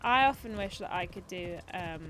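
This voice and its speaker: A woman's voice: fairly low pitch, expressive, normal speed, over music. A woman in her twenties hosting a gaming livestream, chatting casually and rambling with lots of fillers. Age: 20s. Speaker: streamer host.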